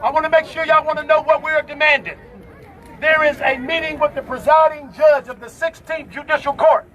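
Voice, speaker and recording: A man's voice: very high-pitched, level tone, fairly quick, muffled recording. A man, giving a rally speech at an outdoor protest in call-and-response style. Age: 50s. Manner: preaching call-and-response, shouting to a crowd. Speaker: protest speaker. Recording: loud crowd around the speaker. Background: crowd responding.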